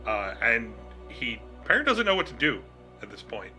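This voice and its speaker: A man running a tabletop game as game master, relaxed and halting, with many fillers and frequent laughs. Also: mid-range voice, faint music behind.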